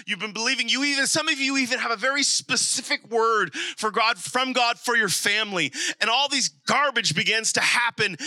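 Man preaching, high voice, very bright tone, dry sound, animated then hushed. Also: dry recording. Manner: rising to animated emphasis, dropping to soft intimate appeals; repeats rallying asides like "come on now". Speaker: pastor. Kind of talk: sermon.

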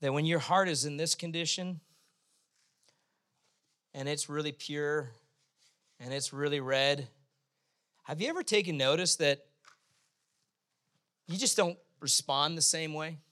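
A man preaching a sermon in a casual, humorous way, sometimes acting out quick voices. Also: a little high, pushed and bright. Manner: conversational, humorous preaching with sudden bursts of acted voices. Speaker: pastor.

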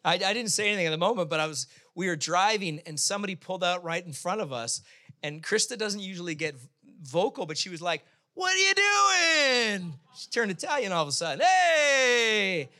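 Guy preaching, kinda high bright voice, chatty and joking, throws in little acted voices. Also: animated, fast. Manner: conversational, humorous preaching with sudden bursts of acted voices. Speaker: pastor. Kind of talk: sermon.

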